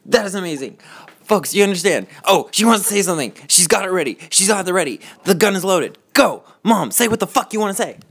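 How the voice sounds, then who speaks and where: A man's voice: sits high, expressive, fast, fairly bright tone, husky. A man hosting a casual podcast, talking in a mock-outraged, theatrical way and swearing often. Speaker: podcast host. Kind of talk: casual joking podcast banter. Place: cold house.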